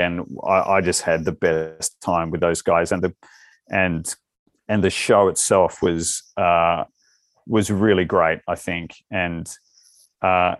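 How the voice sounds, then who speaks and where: A man with a fairly low voice and an Australian accent chats easily in an interview. His answers ramble and loop back on themselves. The sound is close and dry, with no room around it. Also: no echo. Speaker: actor guest. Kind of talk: casual interview chat.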